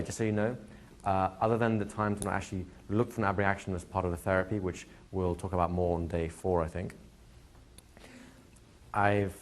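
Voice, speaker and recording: A man teaching a hypnosis class to a live audience, talking in a relaxed way and slowing into soft hypnotic suggestions. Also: deep voice. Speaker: hypnosis trainer. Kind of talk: live training lecture. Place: training room with a seated audience.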